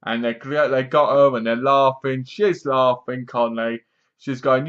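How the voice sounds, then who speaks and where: A man's voice: medium pitch, level tone, a little slow, fairly bright tone, clear, resonant tone, lo-fi sound. A man giving a rambling, scornful horror film review, often mimicking the characters. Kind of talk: casual ranting movie review.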